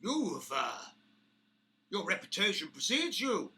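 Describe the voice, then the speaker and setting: A British man voicing a pompous, brutal half-orc crime boss who booms his threats. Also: big pitch swings, takes it slowly, sharp tone, heavily acted. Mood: menacing. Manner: booming, theatrical, threatening.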